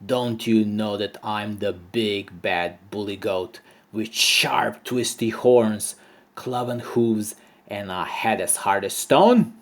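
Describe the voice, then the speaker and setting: A swaggering bully goat from a children's storybook, put on by a male reader. He talks slowly and menacingly, with a scoffing edge. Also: lowish voice. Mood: gloating. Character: big bad bully billy goat, male, boastful.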